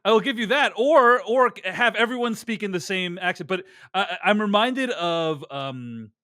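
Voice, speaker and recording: High-voiced man, dry close sound. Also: lively intonation, bright, forceful tone, dry recording. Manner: measured, hedging, playing devil's advocate. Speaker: podcast co-host. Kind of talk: casual film review chat.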